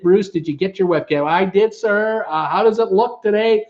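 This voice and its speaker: A man's voice: high-pitched, normal speed, few pauses, darkish tone, highs cut off. A man from Ontario, Canada, hosting a casual live stream and greeting viewers in the chat, upbeat and full of fillers. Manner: chatty, upbeat, many fillers. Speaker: livestream host reading viewer chat. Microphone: webcam setup at home.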